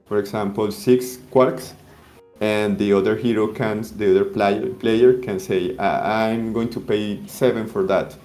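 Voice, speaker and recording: Guy designer in an interview, slow, lowish voice, walks thru rules piece by piece. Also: darkish tone. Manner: explains rules step by step with many restarts. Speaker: game designer guest. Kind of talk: interview answers.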